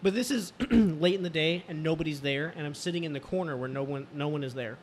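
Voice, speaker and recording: A man in casual chat, telling a story haltingly, with fillers and restarts. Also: a little high, slight background noise.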